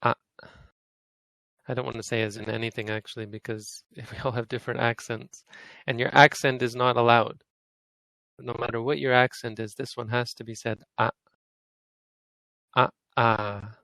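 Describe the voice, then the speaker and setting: Man, patient teacher, gravelly bright voice, dry close sound, repeats vowels slowly. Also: mid-range voice, flat delivery, dry recording, poor audio. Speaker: Pali teacher. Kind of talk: online language lesson, demonstrating pronunciation.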